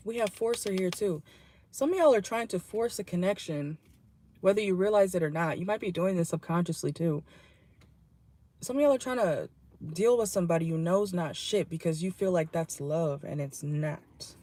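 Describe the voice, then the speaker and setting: A casual tarot reader talks from a parked car in a warm, mellow voice. The delivery is blunt and salty and breaks easily into laughter. A faint hum of noise sits under the voice. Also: mid-range voice, moderate pace. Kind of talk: casual channeled tarot reading.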